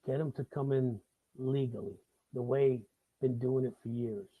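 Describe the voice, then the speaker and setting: A middle-aged man with a New York accent hosts a live monologue. He swears freely and restarts his sentences in heated bursts. His voice is husky, and the sound is thin and phone-like. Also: medium pitch, moderate pace, dry recording. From the Bronx, New York. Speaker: host. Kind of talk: live talk-show monologue.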